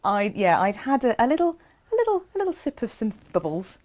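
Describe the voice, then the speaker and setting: A woman's voice: on the high side, very animated, brisk, a little mellow. Brief: giggly English woman, live-stream sewing host, chatty and easy. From England. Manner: chatty, giggly, reads viewer comments aloud. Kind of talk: casual live-stream chat.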